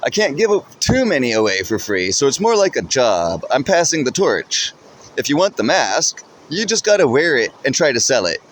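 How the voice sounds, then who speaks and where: A cheerful, booming shopkeeper from a storybook, theatrical and showy, pushed well above the reader's own pitch. A man acts him out. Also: big pitch swings, moderate pace, a little hiss or hum. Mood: booming jolly. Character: loud jolly middle-aged male mask shopkeeper.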